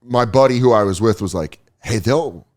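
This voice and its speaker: A man hosting a podcast, telling a story in casual chat, swearing freely and acting out the people he quotes with sudden jumps in pitch. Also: moderate pace, a little mellow. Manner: profane. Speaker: podcast host.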